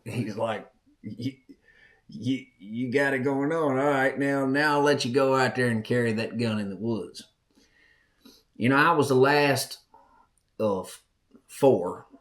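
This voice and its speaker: Man, podcast host, folksy storytelling, emphatic repeats, mid-pitched voice. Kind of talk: personal storytelling.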